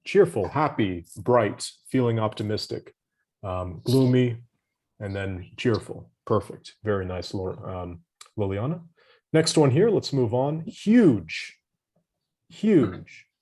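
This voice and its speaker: A man's voice: on the low side, expressive, slow pace, dark tone, slightly rough. A man tutoring English vocabulary over a video call, patient and encouraging, giving hints and praise. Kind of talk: online vocabulary lesson.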